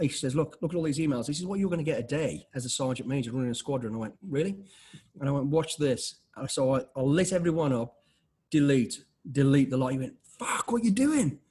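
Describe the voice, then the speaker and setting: Husky, quick-talking man in his fifties; blunt interview guest who acts out the voices in his stories. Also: medium pitch. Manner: blunt, animated, lots of restarts and acted-out dialogue. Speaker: interview guest, former special forces soldier. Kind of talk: casual conversational storytelling.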